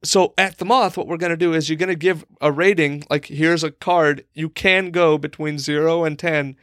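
A young man spins a comic anecdote in a loose, rambling way, filling it with "like" and little acted-out voices for the people he met. His voice sits a touch high for a man. The sound is dry and close. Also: steady tone, normal speed, a bit bright, no room sound. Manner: rambling, lots of "like", acts out quoted people. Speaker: podcast co-host. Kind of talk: casual comedic storytelling.

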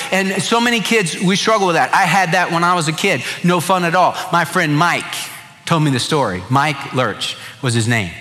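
A man's voice: a little high, bright, forceful tone. A middle-aged male pastor preaching a sermon with folksy, humorous storytelling. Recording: reverberant church hall.

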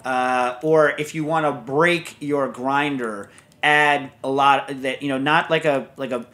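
A man's voice: mid-range voice, fairly even intonation, a little slow, sharp tone. A man hosting a casual podcast, wandering from story to story with lots of fillers and restarts. He also reads out a listener's question in the same loose, talky way. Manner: rambling, digressive, many fillers and restarts. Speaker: podcast host. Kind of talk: casual chat.

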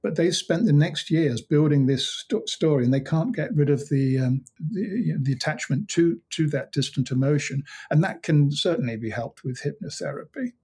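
A man's voice: a little high, lively intonation, normal speed, few pauses, darkish tone, slightly rough. A man, a hypnotherapist guest in an interview, who tells stories about his clients with many restarts and acts out their dialogue. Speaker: hypnotherapist and mind coach, guest. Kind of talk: conversational interview.

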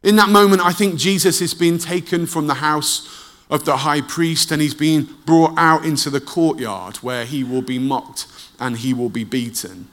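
A man preaching a sermon, telling the story dramatically and dropping low and soft at tense moments. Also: a little slow.

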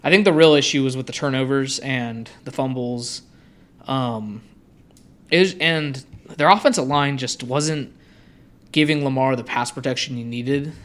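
A man's voice: mid-range voice, a little slow. A man co-hosting a sports podcast, chatting casually about football picks with frequent ums. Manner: relaxed, frequent ums and you-knows. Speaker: podcast co-host.

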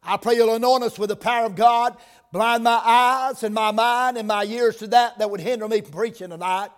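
A man preaching a sermon in a church. He opens with a quiet prayer, then preaches with rising, emphatic force. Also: very high voice, fairly even intonation, normal speed. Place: church sanctuary. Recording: long reverb of a church hall.

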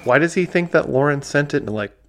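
A man's voice: on the high side, animated, a little fast, music in the background. A man co-hosting a film podcast, chatting casually with dry quips and short interjections. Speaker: podcast co-host.

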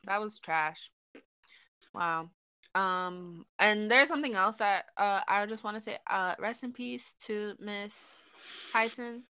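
A young woman co-hosting a casual podcast chat, animated and laughing, getting loud when she makes a point. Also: medium pitch, slow, smooth. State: eating dinner while talking. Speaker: podcast co-host.

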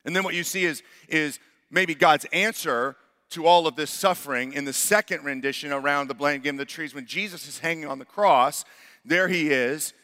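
A man's voice: fairly high pitch, normal speed, sharp tone, in a large hall. A man preaching a sermon as pastor, earnest, building to emphatic rhetorical questions.

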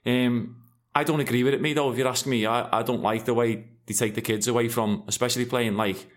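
A man's voice: mid-range voice, steady tone, fast. A middle-aged former footballer and father talking frankly in a rambling, casual conversation, often restarting his sentences. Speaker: former pro footballer guest.

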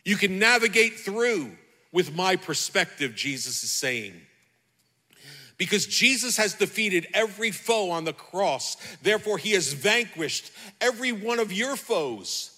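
A man with a high, bright, ringing voice preaches with fervor. He repeats his phrases and calls out to the congregation. The sound carries a long reverb, as in a large hall. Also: very animated, unhurried. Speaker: pastor. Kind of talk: sermon.

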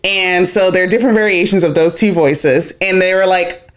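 A woman's voice: mid-range voice, a little fast. A woman co-hosting a podcast in casual chat, telling stories with lots of laughter. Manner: animated storyteller, laughs a lot. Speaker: podcast co-host.

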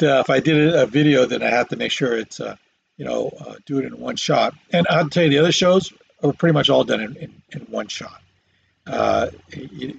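A man hosting a solo podcast, talking haltingly with lots of fillers and restarts and dry self-deprecating jokes. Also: mid-range voice, gravelly, highs cut off, a little hiss or hum. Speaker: podcast host. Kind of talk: rambling solo podcast monologue. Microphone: microphone.

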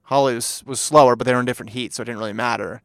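A man's voice: mid-range voice, fairly even intonation, very fast, a bit bright, clear, resonant tone, no room sound, clean studio sound. A man hosting a casual sports chat, enthusiastic and laughing as he tells anecdotes.

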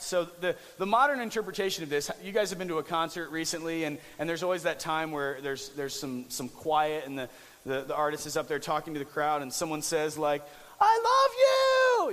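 A young male pastor talks through a scripture passage in a relaxed, joking way, often restarting his phrases. His voice sits a bit high for a man. It rings with the long reverb of a large church hall. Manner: conversational, frequent restarts, jokey asides. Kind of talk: casual sermon.

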